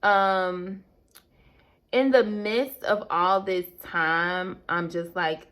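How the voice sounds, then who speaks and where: A woman's voice: on the low side, fairly even intonation, very slow, fairly bright tone. A young woman vlogging, telling a rambling personal story while she does her makeup, talking straight to her viewers. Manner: chatty, rambling, addresses viewers as girl and y'all.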